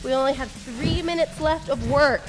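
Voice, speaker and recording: A woman's voice: high voice, moderate pace, background noise. A woman leading a follow-along workout, coaching with upbeat encouragement while getting out of breath. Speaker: fitness instructor. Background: workout music.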